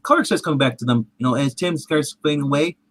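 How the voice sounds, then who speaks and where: Bright, animated man host. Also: a little high, fast, no room sound. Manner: animated, rambling retelling with laughs and restarts. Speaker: podcast host. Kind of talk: casual chat recapping a TV episode.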